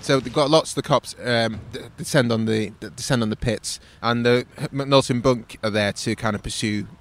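A man's voice: mid-range voice, normal speed, a little hiss or hum. A man co-hosting a podcast in casual chat, recapping events in an enthusiastic, slightly hesitant way. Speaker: podcast co-host.

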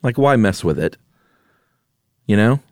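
A man co-hosting a podcast in casual chat, laid-back and quick to laugh. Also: lowish voice, animated, a little mellow, no echo, studio quality. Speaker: podcast co-host.

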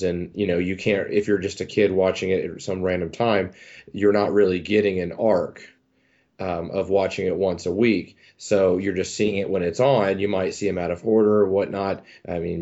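A man with a very low, deep voice, musing aloud in a casual podcast chat and wandering through his points with lots of fillers. The audio is dull and lo-fi. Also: dark tone. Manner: thoughtful, rambling, many fillers. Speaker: podcast co-host.

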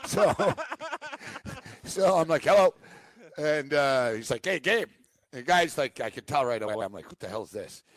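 A man's voice: medium pitch, expressive, normal speed, pauses often, no room sound. A man co-hosting a sports talk show, telling a long rambling story and acting out a phone call. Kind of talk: casual chat.

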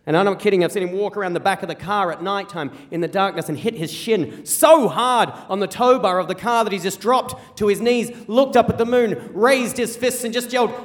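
A young Australian man tells a comic story from his own life with a high, lively voice. He speaks at a quick clip, tripping and repeating words as he hurries along, animated and self-mocking throughout. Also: big-room sound. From rural South Australia. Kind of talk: live personal storytelling. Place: stage before an audience.

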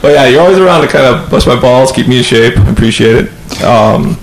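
A man hosting a podcast, telling stories with loose, animated energy and acting out the voices of the people in them. His voice has a gravelly edge, and the room gives it a roomy ring with a faint hiss behind it. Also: mid-range voice, fairly quick. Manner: animated storyteller, swearing, acting out quotes. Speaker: podcast host. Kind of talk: casual storytelling interview. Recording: echoey room with faint noise.

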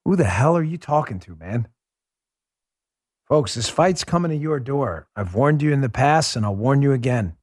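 A man from New York City hosting a podcast, delivering a heated, sarcastic political monologue that rises into shouts. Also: medium pitch, lively intonation, normal speed, no room sound, clean studio sound. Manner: combative, sarcastic, rising to shouts. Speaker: podcast host.

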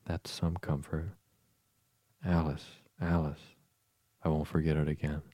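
A man's voice: very deep voice, flat delivery, unhurried, dark tone, no echo, studio quality. A man voicing a curious, chattering young girl in a storybook reading, musing aloud with puzzled questions.

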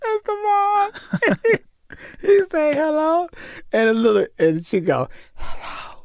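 A man chatting as a podcast guest, telling stories in an animated way and laughing often. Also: very high voice, measured pace, creaky, no room sound, studio quality. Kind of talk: casual podcast chat.

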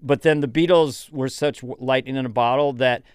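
Guest guy, smooth higher voice, chatty and musing, dry mic. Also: steady tone, normal speed, dry recording. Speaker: podcast guest. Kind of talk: casual chat.

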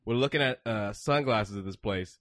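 A young man telling a story in casual podcast chat, animated and profane, laughing often. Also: on the low side, moderate pace, dry recording, clean studio sound. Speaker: podcast co-host. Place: indoor studio room.

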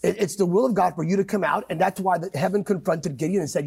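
A man's voice: fast, vocal fry, a little mellow, husky. A man preaching with passion in a talk-show conversation, emphatic and quoting scripture. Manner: emphatic, quotes scripture, swings pitch widely. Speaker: pastor guest.

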